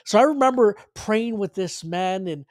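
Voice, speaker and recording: High-voiced earnest man preaching a testimony. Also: animated, moderate pace, no echo, clean studio sound. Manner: earnest, retelling dialogue with frequent restarts and fillers. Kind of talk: sermon testimony storytelling.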